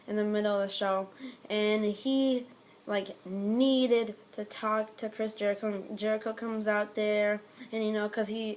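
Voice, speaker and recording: A woman vlogger giving a casual, rambling recap of a wrestling episode, full of "um" and "blah, blah" asides. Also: medium pitch.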